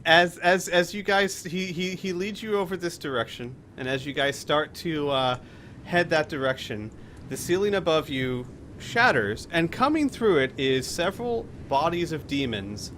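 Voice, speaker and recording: Bright-toned male game master, hesitant, full of fillers. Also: on the high side, expressive, a little hiss or hum. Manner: halting, with many fillers. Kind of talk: narrating a tabletop game.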